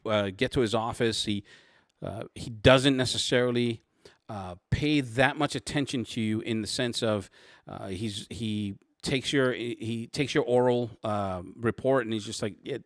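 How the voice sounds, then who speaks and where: A man narrating as game master of a tabletop role-playing game, halting with many fillers and restarts. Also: on the low side, no echo, studio quality.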